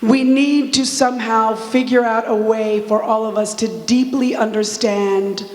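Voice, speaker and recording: A woman's voice: on the high side, fairly even intonation, a little mellow, some chatter behind, slight background noise. A woman activist giving an impassioned rally speech with call-and-response chants, stretching out key words for emphasis. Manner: fervent, chanting, drawn-out emphatic phrases. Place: large church sanctuary with an audience. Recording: echoey church hall with long reverb.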